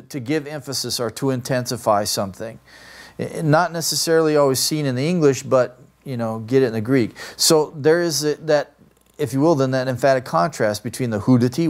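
A Greek grammar teacher lectures his class, explaining patiently and step by step. He keeps checking in with the students, often asking "right?", and speaks at an ordinary middle pitch.

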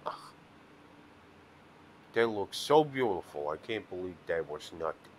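A man's voice: sits low, big pitch swings, a little slow, a little hiss or hum. A man playing slot machines in a casino and giving playful commentary that drifts into rambling, absurd stories. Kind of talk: casual joking commentary.

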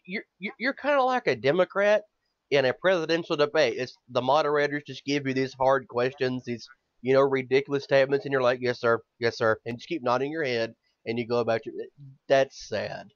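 A man's voice: mid-range voice, fairly quick, dry recording, highs cut off. A man hosting a podcast in casual chat, rambling and swearing, often stammering as he builds up steam. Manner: rambling, profane, stammers when worked up. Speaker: podcast host.

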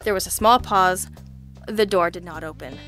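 A woman's voice: on the low side, moderate pace, fairly bright tone, faint music behind. Woman narrating a dry, hard-boiled story. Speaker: audiobook narrator. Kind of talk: first-person scripted narration of a radio-noir story.

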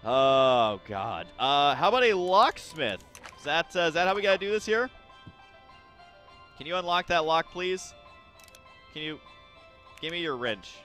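A young man giving casual let's play commentary while gaming, excitable and quick to exasperated outbursts. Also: high-pitched, faint music behind.

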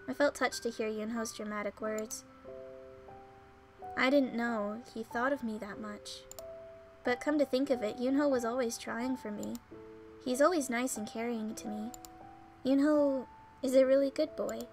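A woman's voice: fairly high pitch, normal speed, pauses often, darkish tone. A woman playing a visual novel as a Let's Player, reading it aloud with emotional, teary, swearing reactions. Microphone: home microphone. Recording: game music behind.

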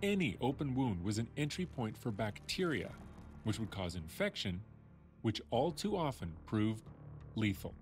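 A man's voice: on the low side, big pitch swings, normal speed, over music. A man hosting a science show, telling a story in a playful, chatty way that speaks straight to the listener. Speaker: host.

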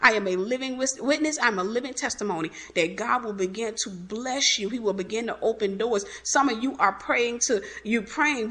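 A woman's voice: on the high side, a bit bright. A woman preaching a personal testimony, fervent and exhorting her listeners, repeating key phrases. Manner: fervent, exhorting the listeners, quick bursts then slow emphatic lines. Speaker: Christian ministry teacher.

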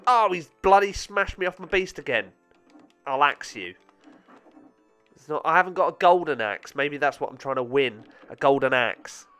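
A man talks through a retro game as he plays, his pitch leaping around as he yelps and curses at the enemies. He laughs at his own mistakes, with faint game music underneath. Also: normal speed, clear, resonant tone. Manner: excitable, swearing, laughing at himself. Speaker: gaming channel host. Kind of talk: let's-play commentary.

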